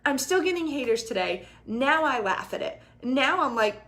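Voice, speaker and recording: Lively, chatty woman with a high voice. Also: brisk, few pauses. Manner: chatty, animated, swears freely. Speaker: fitness coach. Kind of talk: casual livestream chat. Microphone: ring light and camera close up.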